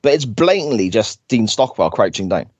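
A man's voice: on the low side, sing-song, moderate pace, no echo, dull audio. A man co-hosting a podcast, recapping an episode in chatty, enthusiastic casual talk. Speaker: podcast co-host.

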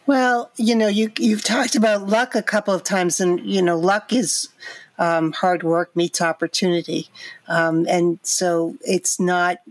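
A woman hosting an interview, asking questions in an unhurried, encouraging way. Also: fairly low pitch, little pitch movement, dry recording. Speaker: interviewer host.

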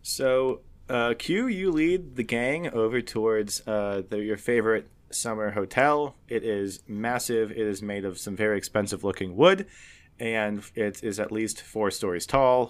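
A man narrating as game master in a casual, chatty way, often pausing on fillers. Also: on the low side. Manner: relaxed, chatty, many fillers, laughs often.

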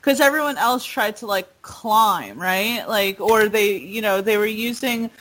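A woman chatting casually with a friend, her voice moderate in pitch. She talks with lively enthusiasm and drops swear words freely. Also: measured pace. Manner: animated, swearing, emotional retelling. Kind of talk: casual chat.

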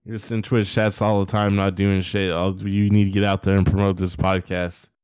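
A man co-hosting a podcast in loose, casual chat, trading deadpan jokes. His voice sits low and sounds smooth and resonant. The close mic leaves it dry, with no room sound. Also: normal speed, no echo. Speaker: podcast co-host.

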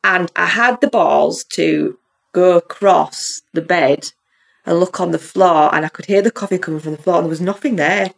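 A woman's voice: on the low side, normal speed, vocal fry. A woman from the North of England telling a ghost story in a casual podcast chat, acting out the voices in it and laughing often. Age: adult with a child. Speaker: podcast co-host.

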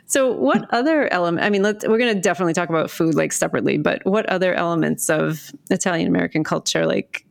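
Boston-accented woman host, low gravelly voice, dry close sound, casual talk. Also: lively intonation, quick pace, hardly any pauses, dry recording. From Boston area, US. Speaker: podcast host. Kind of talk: casual conversational interview.

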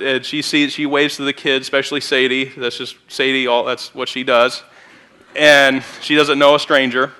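A youth pastor with a bright, forceful voice that sits a little higher than most men's. He delivers a sermon in a church, chatting through a story and then lifting into emphatic bursts. His speech carries a Midwestern American accent. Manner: conversational storytelling with sudden emphatic rises. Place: church sanctuary.

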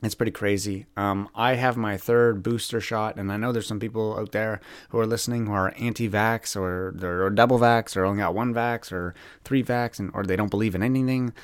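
A young man from Canada talks alone into the mic for his podcast, rambling in a candid, searching way and often restarting his words. His voice sits low, and the sound is dry and close with no room around it. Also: fairly even intonation, a little fast, few pauses, clear, resonant tone, dry recording. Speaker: podcast host.

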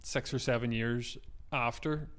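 A man's voice: medium pitch, steady tone, fairly bright tone, clean tone. A man, a stand-up comedian telling rambling gig stories in casual podcast chat. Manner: rapid, rambling anecdotes.

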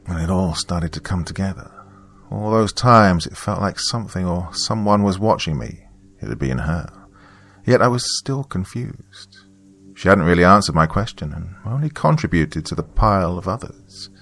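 Deep gravelly male storyteller. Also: animated, moderate pace, a bit bright. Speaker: narrator. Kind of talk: first-person story narration.

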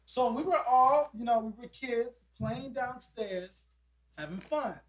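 Young man, high voice, animated storyteller in a casual chat. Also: a little slow. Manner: animated, laughing, acts out quotes.

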